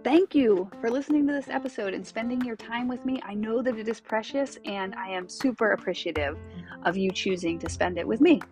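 A woman's voice: fairly high pitch, a little fast. A woman podcast host giving a grateful sign-off at the end of an episode. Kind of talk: podcast outro. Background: soft music.

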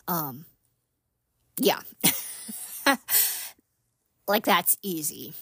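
A woman hosting a casual solo podcast, speaking softly and haltingly with many fillers and whispered asides. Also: low-pitched, husky, no room sound. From United States. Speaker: podcast host.

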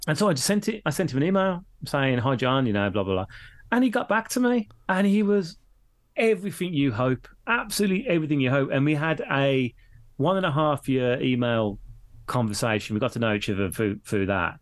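A middle-aged British man, a guest in a casual chat, has a fairly high, animated voice and a brisk pace. He rambles, restarts often, laughs a lot, and imitates other people's voices while telling anecdotes.

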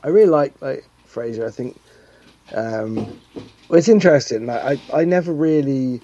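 A man co-hosting a podcast in casual chat, relaxed and reflective. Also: medium pitch, normal speed, slight background noise. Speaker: podcast co-host. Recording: dull, dry lo-fi audio.

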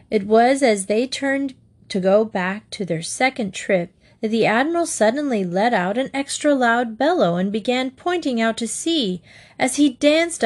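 A woman narrating a children's storybook aloud in a steady, even-paced reading. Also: mid-range voice.

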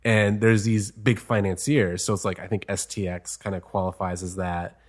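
A man's voice: sits low, level tone, moderate pace. A man, a screenwriter, chatting casually as an interview guest and laughing often between stories.

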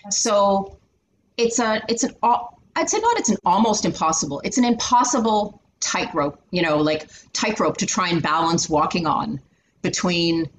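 A middle-aged woman speaking as an interview guest, telling candid workplace stories with animated, filler-heavy phrasing. Her voice sits a little low for a woman. Faint ambient noise stays in the background. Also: moderate pace, low-quality recording. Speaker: interview guest, finance executive. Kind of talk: candid storytelling in conversation.

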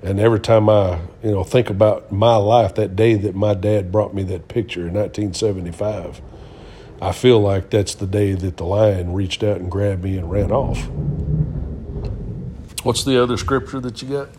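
With a mellow voice on the low side, a middle-aged man speaks at a normal speed and fairly even intonation while co-hosting a Christian talk show. He tells stories and casual testimony earnestly, preacher-style, with many fillers, and slight background noise is present.

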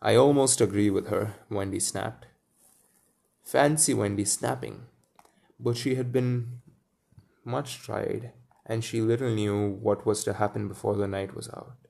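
A man reading a children's story aloud, pausing to muse and comment on it. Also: fairly low pitch, steady tone, creaky, darkish tone. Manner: muses aloud between passages. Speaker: reader.

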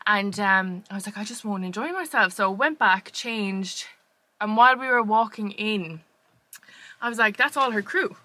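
A woman's voice: medium pitch, bright, forceful tone. A woman co-hosting a podcast, telling stories in casual chat with lots of fillers and laughter. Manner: chatty, laughing, fast storytelling with many fillers. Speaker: podcast co-host.

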